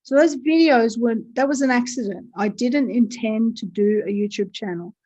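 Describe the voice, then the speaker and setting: A woman guest speaking over a video call, telling a story in animated conversation and acting out what others said. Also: on the high side, moderate pace, husky, highs cut off. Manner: lively, reenacts others' speech in quotes.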